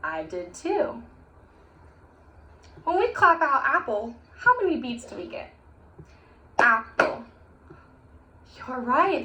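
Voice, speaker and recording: A woman's voice: high-pitched, bright, forceful tone. A young woman teaching a recorded music lesson to children, chanting rhymes in an encouraging, sing-song voice. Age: young adult. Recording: echoey room with faint hiss.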